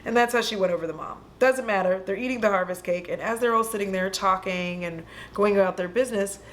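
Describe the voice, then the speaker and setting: A woman hosting a casual vlog, retelling a film in an animated, profane storytelling way. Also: mid-range voice, fast, slight background noise. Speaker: host. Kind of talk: casual movie recap vlog.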